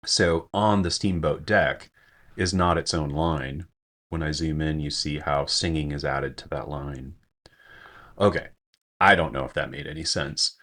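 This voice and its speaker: Very deep-voiced man teaching poetry. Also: fairly bright tone. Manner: thinking aloud, frequent fillers and self-corrections. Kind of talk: screen-share poetry lecture.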